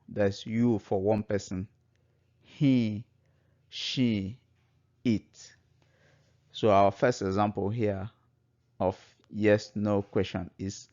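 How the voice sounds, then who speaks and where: Slow, deep-voiced man teaching patiently. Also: a little mellow. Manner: patient, repeats each phrase slowly. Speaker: language teacher. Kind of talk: slow explanatory lesson. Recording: dull lo-fi recording.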